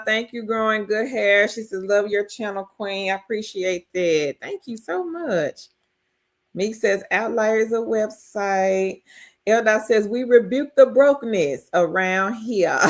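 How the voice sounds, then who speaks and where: A woman hosting a casual livestream, reading viewer comments aloud and cheerfully greeting and congratulating people by name. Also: mid-range voice. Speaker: host of a work-from-home livestream.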